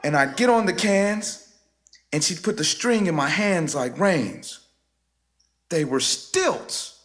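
A man, a rapper telling a spoken-word story in a rhythmic, wry way with dramatic pauses. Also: on the high side, animated, fairly bright tone, slight background noise. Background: guitar music.

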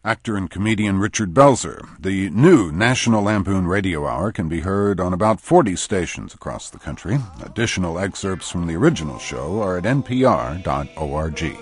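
A man hosting a radio interview, asking measured questions. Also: deep voice, animated, husky, no room sound. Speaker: radio host.

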